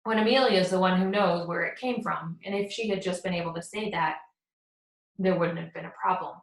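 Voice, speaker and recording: A female teacher with a lowish voice and vocal fry speaks briskly in a conversational lecture recorded in an echoey room. She retells a play, reading its lines plainly between her explanations.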